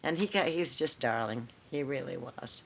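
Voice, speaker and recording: An older woman in an archival interview, telling lively anecdotes and mimicking the people in them. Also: extremely low pitch, moderate pace, vocal fry, a little hiss or hum. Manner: animated storytelling with laughs and mimicry. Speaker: radio writer, interviewee.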